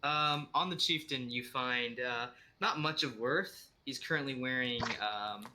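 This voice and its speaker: A man's voice: mid-range voice, a little slow, sharp tone. A man narrating a tabletop game as dungeon master, in a casual, loose way with fillers.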